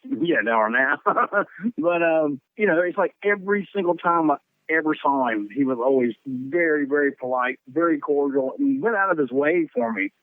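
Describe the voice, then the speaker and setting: Southern man, guest on a call, high-pitched and animated, dry tinny phone sound. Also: moderate pace, dry recording. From North Carolina. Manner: animated, profane, laughs mid-story. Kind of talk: casual storytelling.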